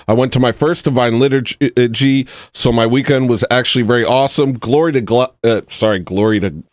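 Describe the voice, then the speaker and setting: A man's voice: mid-range voice, a little fast, no echo, studio quality. A man hosting a casual livestream chat, rambling and joking at his own expense. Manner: rambling, joking, self-mocking. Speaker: livestream host.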